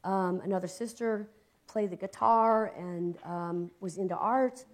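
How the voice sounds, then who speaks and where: A woman from Ohio, a guest in casual conversation, telling stories with lively energy and frequent laughter. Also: medium pitch, measured pace. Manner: animated storyteller, voices quotes, laughs a lot. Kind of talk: casual chat, storytelling.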